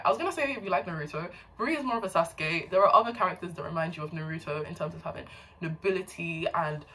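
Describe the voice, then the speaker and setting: A woman's voice: fairly low pitch, fairly bright tone, distant mic, poor audio. Gushing woman vlogger, a bit off-mic. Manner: enthusiastic, gushing. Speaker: book vlogger. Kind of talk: casual chat.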